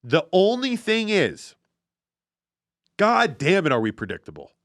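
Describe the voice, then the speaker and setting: A man hosting a casual football podcast, talking in an excitable, profane, animated way. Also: a little high, dry recording, studio quality. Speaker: podcast host. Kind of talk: casual sports chat.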